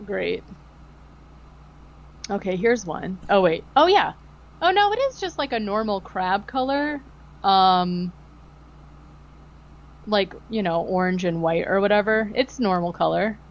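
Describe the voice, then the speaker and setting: A woman's voice: mid-range voice, lively intonation, unhurried, long pauses, muffled recording. Rambling sarcastic woman recapping a movie. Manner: rambling, sarcastic, lots of fillers. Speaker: podcast co-host. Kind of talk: casual movie recap chat.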